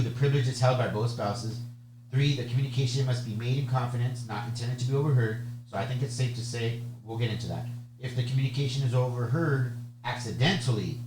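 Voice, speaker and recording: A man of middle pitch talks through an exam question like a tutor, loose and chatty, often stopping to ask "okay?" or "right?". The room is echoey and a steady hum runs under his voice. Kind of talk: conversational exam lecture.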